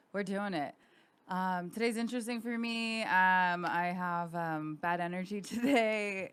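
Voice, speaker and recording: A woman's voice: medium pitch, smooth. A young woman hosting a casual podcast chat in a studio, rambling with lots of fillers. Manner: chatty, rambling with many fillers. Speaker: podcast host.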